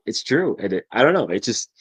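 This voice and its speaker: Man, low register, rowdy excitable podcast guest, cusses a lot, dry close mic. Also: normal speed, breathy edge, no room sound. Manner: excitable, profane, laughs often. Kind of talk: casual chat.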